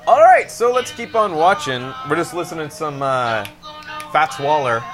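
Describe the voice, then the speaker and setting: Casting: fairly high-voiced male host, loose rambling chat, music bed behind. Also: expressive, moderate pace. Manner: rambling, filler-heavy storytelling. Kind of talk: casual live-stream chat. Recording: music playing under voice. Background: jazz music playing.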